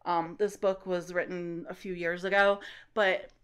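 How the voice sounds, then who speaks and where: A woman hosting a casual book-recap podcast, talking loosely with many fillers and acting out the characters' lines in quick put-on voices. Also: fairly low pitch, level tone, fairly bright tone, clear, resonant tone.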